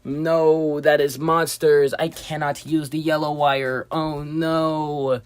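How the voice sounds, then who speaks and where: A young man casually narrating a hobby build, rambling and talking to himself with sudden excitable outbursts. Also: on the high side, slow pace, few pauses, clear, resonant tone, no room sound.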